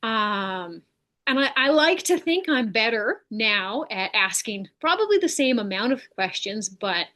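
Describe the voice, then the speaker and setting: A woman with a slightly high voice talks in a candid, chatty way as a nurse hosting an interview. She is self-deprecating and fills her sentences with "like.". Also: big pitch swings, unhurried, bright, forceful tone. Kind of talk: casual conversational interview.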